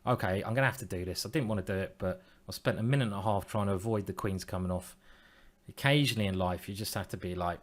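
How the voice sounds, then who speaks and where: A man's voice: low voice, quick pace. A man streaming online chess, thinking aloud in a playful, self-mocking way and teasing his opponent.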